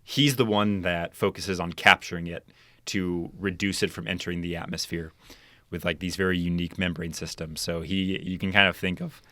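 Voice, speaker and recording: A young man with a very low voice walks through his research in a relaxed interview. He explains in a loose way, full of ums and likes. The recording is close and dry. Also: moderate pace, no echo. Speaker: podcast guest, chemical engineer. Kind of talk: casual interview talk.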